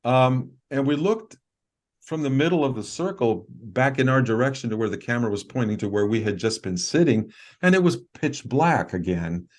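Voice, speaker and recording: A man, a guest on a video call interview, telling a story in an earnest, halting way with many fillers and restarts. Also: mid-range voice, lively intonation.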